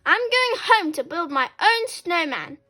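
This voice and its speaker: A woman's voice: very high voice, expressive, a little slow, fairly bright tone, faint music behind, voice pushed up, heavily acted. A woman reading a story aloud and voicing a whiny, sulky schoolgirl who howls and sobs. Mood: whiny, upset. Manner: whiny, howling.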